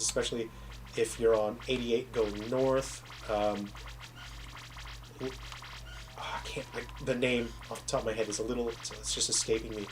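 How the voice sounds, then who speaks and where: A man with a faint Southern American accent chats loosely on a livestream, his voice sitting at an ordinary middle pitch. He rambles through stories, stopping and restarting his sentences. A faint background hum runs under his voice. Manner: rambling, self-interrupting storyteller. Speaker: game developer streamer. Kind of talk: casual livestream chat with viewers.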